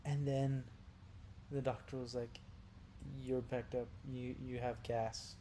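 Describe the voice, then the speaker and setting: A Brazilian podcast co-host swaps crude stories with a friend in a casual chat, his voice an average male pitch and his pace slow. He drops to a low mumble, then bursts into loud, laughing shouts when the tales get wild, staying animated throughout. A faint hum of noise runs underneath.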